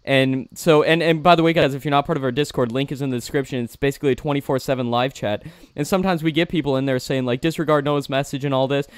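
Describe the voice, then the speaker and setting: A man's voice: mid-range voice, fast talker, hardly any pauses, clear, resonant tone, no echo. A young man hosting a live-stream interview, reading out viewer questions and thanking donors effusively. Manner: upbeat, effusive thanks, repeats himself.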